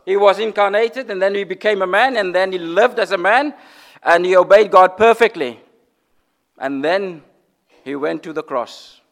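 A man delivers a sermon in a notably high voice. He lifts his lines into loud declarations, then sinks to hushed, near-whispered phrases. He repeats words for emphasis. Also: normal speed. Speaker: preacher.

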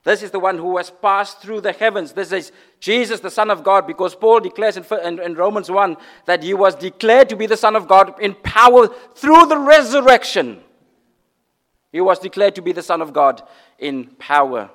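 A man preaching a sermon, swinging from loud declarations to hushed, almost whispered lines and repeating phrases for emphasis. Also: sits high, brisk.

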